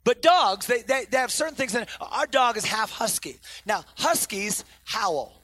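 A man preaching a sermon to a congregation as pastor, animated and swinging between loud outbursts and quiet intensity. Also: very high-pitched, a little slow, dry recording. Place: church sanctuary before a congregation.

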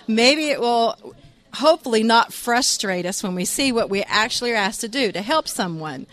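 A woman's voice: fairly high pitch, expressive, normal speed, fairly bright tone, some chatter behind. A woman who coordinates funerals at her church, giving an earnest devotional talk with a joke in it. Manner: earnest and exhorting, telling a joke.

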